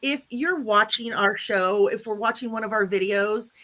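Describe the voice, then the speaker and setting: A woman's voice: mid-range voice, moderate pace, pushed and bright. A woman hosting a casual livestream chat, greeting viewers and chatting in a bubbly way. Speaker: YouTube channel host.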